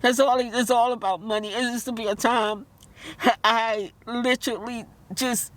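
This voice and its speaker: A high-voiced woman talks straight to her viewers in an upset, rambling vlog. She circles back over the same points and breaks into bursts of disbelief. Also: steady tone, normal speed, fairly bright tone. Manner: upset, rambling, repeats herself; outbursts of disbelief. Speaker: vlogger. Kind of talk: emotional vlog rant.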